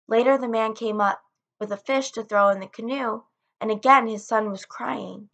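A woman narrating a folktale in a steady, plain storytelling manner. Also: on the high side, normal speed, creaky, dull audio.

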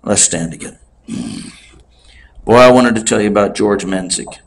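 A man in his sixties preaching a sermon in a slow, emphatic way. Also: fairly low pitch. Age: 60s.

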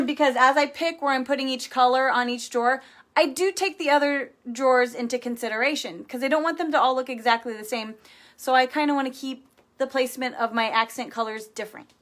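A woman's voice: high-pitched, a little fast, fairly bright tone. A woman hosting a live furniture painting demonstration, chatty and playful as she talks viewers through each step.

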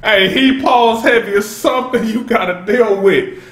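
A man giving excited, casual commentary while reacting to a rap song, often stopping to say "hold up.". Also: high-pitched, moderate pace, reverberant. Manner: excitable, keeps interrupting with "hold up"; bursts into laughter and shouts. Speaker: music reaction host.

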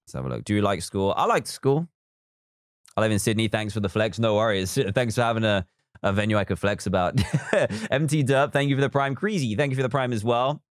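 A man's voice: lowish voice, animated, a little fast, no room sound, clean studio sound. A man live streaming a building game, chatting casually, reading viewer comments aloud and counting blocks as he works.

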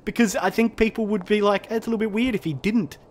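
A man's voice: high voice, steady tone, fast talker, slight background noise. Jokey man playing a game. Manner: chatty, jokey, nervous muttering. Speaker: gameplay commentator. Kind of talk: casual let's-play commentary.

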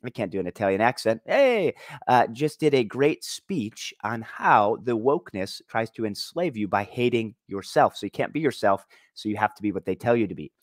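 A man's voice: on the low side, brisk, hardly any pauses, no echo, studio quality. A man hosting an opinion commentary vlog, talking in an emphatic, argumentative way. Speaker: commentary channel host.

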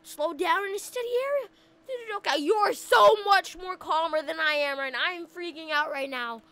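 A woman hosting a gaming channel, chatting casually and excitably through a roleplay, stammering and slangy when alarmed. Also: very high-pitched, moderate pace, no room sound. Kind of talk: casual roleplay commentary over gameplay.

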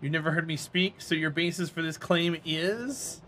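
With soft music playing behind him, a man with a North Carolina Southern accent live-streams a game, chatting with viewers and teasing them playfully. His voice is fairly high and sharp in tone, and he talks at a normal speed.

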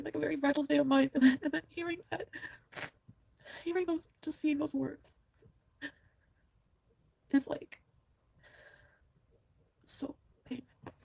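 A woman speaks to her viewers in a high, gravelly voice with a mellow tone. She rambles frankly, with plenty of "like" and some swearing, over a faint hiss of background noise. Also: no echo. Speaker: vlogger. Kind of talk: candid vlog talk.

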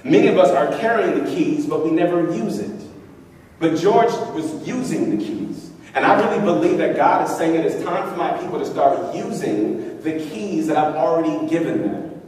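Animated and speaking at a normal pace, a male pastor with a slightly high, darkish voice preaches emphatically in a church hall, acting out quotes and calling for the congregation's responses. Recorded from a distance, the echoey sound carries slight background noise.

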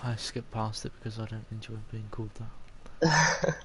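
A man's voice: fairly low pitch, heavy background noise. Swearing gamer man. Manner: joking, swearing, quick reactions. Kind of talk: casual gaming banter.

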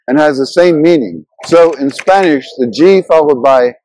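Male language-lesson host, fairly high voice, dry close sound, explanatory and careful with example words. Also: big pitch swings, unhurried, a little mellow, dry recording, low-quality recording. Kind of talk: scripted language lesson narration.

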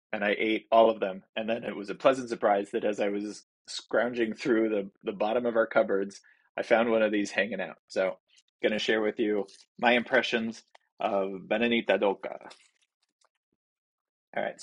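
This is a man with a somewhat low, husky voice hosting a small food review vlog. He rambles casually and fills his talk with ums and uhs. He keeps poking gentle fun at himself as he reviews a snack. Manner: rambling and self-deprecating, many fillers. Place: home basement.

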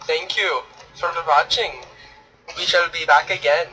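A man's voice: a little high, fairly even intonation, unhurried, over music, close to an everyday voice. A man putting on an Indian accent to deliver a stiff, formal video outro. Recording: distant mic with clear background noise.

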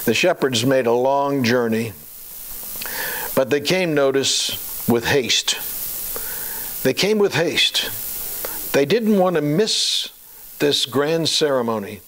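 A man preaching a sermon, chatty and full of fillers and rhetorical questions, slowing down to a deliberate cadence for scripture readings. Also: mid-range voice, animated, a bit bright, a little hiss or hum, poor audio. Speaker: pastor.

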